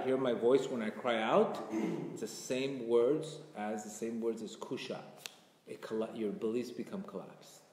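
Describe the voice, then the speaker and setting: A man giving a Torah class, speaking with passion and sometimes rising to near shouts. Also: medium pitch, slight background noise. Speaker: Jewish teacher. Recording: echoey hall.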